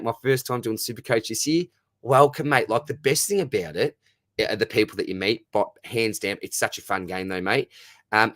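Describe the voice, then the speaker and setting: An Australian man, likely in his thirties, hosting a casual livestream and chatting warmly with viewers, often stumbling over and repeating his words. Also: mid-range voice, dry recording, studio quality. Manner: warm, matey, repeats words, says mate constantly. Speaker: livestream host answering chat. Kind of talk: casual live-stream chat.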